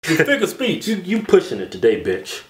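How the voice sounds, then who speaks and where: A man's voice: on the high side, wildly swooping pitch, fairly quick, husky. A man co-hosting a casual comedy chat, mumbling and teasing crudely. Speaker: co-host.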